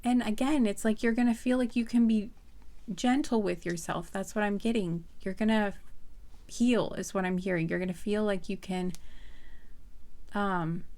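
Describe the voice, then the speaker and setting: A woman's voice: mid-range voice, fairly even intonation, normal speed, darkish tone. A woman giving a casual pick-a-card tarot reading to her viewers, chatty and earnest, with many fillers and restarts.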